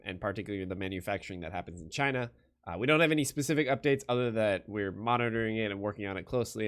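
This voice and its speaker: A man working as a community manager, chatting casually on a livestream and answering viewer questions plainly. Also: lowish voice. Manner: relaxed, laughs easily, explains plainly.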